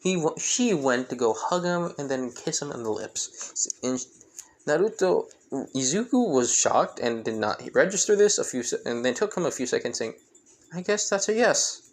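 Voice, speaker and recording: Improvised fan-story narrator who rambles and restarts, middle-pitched voice. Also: lively intonation, normal speed. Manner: rambling, full of restarts and fillers.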